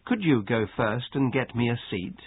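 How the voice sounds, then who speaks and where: A man reading a story and dialogues aloud for an English lesson, measured and expressive. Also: medium pitch, husky, no echo. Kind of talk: slow read-aloud narration. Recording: dry phone-like sound.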